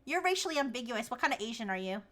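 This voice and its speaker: High bright brash woman streamer. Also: big pitch swings, very fast. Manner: brash, teasing, loud outbursts. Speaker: VTuber streamer. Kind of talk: livestream chat with AI voices.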